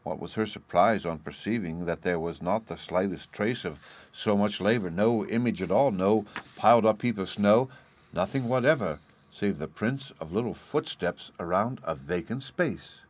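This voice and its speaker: A man giving a measured storybook narration. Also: fairly low pitch. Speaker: reader.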